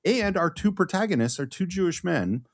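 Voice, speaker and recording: A man's voice: high voice, lively intonation, moderate pace. A man co-hosting a podcast, explaining a film in a casual, enthusiastic way with frequent restarts. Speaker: podcast co-host.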